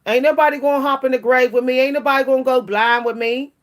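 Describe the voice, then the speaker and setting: A woman's voice: sits high, fairly even intonation, fast. An older woman chatting casually to camera as a vlogger and writer, laughing often and restarting her sentences.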